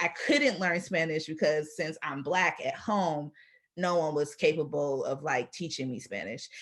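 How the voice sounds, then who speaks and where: A young woman speaks as a guest in a relaxed interview, telling a story from her childhood. Her voice leaps around, jumping high when she mimics other people and dropping low and quiet in between. She laughs often as she goes. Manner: animated, laughs often, acts out quoted voices. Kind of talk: casual storytelling.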